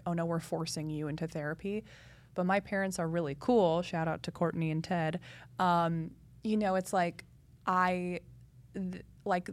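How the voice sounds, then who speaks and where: Young woman, podcast guest, chatty, animated storytelling, slightly low voice. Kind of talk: casual interview talk.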